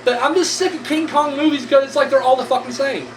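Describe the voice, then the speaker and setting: A man's voice: extremely high pitch, fairly even intonation, fast talker. A man giving casual, rambling horror movie news commentary, blunt and full of profanity. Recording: echoey room, mic at a distance, faint background noise.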